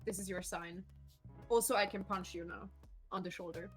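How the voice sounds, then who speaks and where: A woman's voice: fairly low pitch, moderate pace, faint music behind, poor audio. A woman streamer chatting casually at home, telling stories with lots of laughter and swearing. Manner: laughs often, animated storytelling, swears freely.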